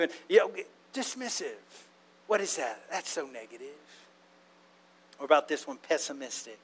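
A man's voice: fairly high pitch, sing-song, normal speed, pauses often, breathy edge. A man. His delivery is playful and conversational. He keeps checking in with the congregation through questions. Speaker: preacher. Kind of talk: sermon.

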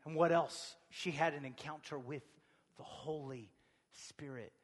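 A man preaching a sermon, swinging from hushed near-whispers to shouted passages. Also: on the high side, fairly even intonation, unhurried, in a large hall.

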